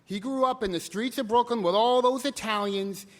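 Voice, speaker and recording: A woman's voice: a little high, moderate pace, pitched above the performer's own voice, lightly acted. A man quoting a blunt worried stepmother. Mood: warning. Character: worried stepmother, older woman, warning and blunt.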